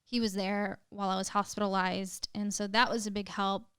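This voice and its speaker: A woman's voice: medium pitch, level tone, a little fast, fairly bright tone, clean tone, no echo, studio quality. A young woman, a podcast guest, telling a painful personal story in casual chat, emotional, with lots of "like" fillers and some swearing.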